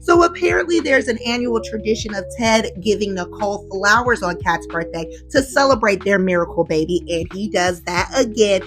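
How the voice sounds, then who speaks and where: A woman recapping a daytime soap in a casual, gossipy vlog, full of excited asides. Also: mid-range voice, normal speed, few pauses, music in the background. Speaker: soap opera recap host.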